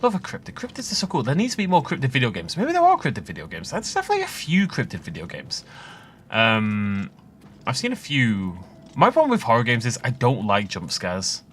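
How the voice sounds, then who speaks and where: A man talking through a video game session in a loose, rambling way. His pitch jumps around a lot and his tone is bright, and he laughs often between remarks. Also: huge pitch swings, a little fast, a little hiss or hum. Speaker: let's play host. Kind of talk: casual gameplay commentary.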